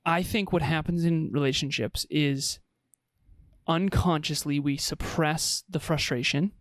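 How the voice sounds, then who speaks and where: Man, podcast co-host, emphatic and energetic, slightly higher voice, dry close sound. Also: a little slow, no echo. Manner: energetic, emphatic, repeats words for effect. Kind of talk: casual podcast chat.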